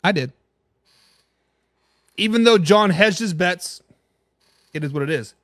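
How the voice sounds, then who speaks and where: High twangy guy ranting about football on a live stream, dry close sound. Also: animated, a little slow, fairly bright tone, no echo. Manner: brash, opinionated, talks straight to chat. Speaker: sports talk show host. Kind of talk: live-stream NFL commentary, reading chat.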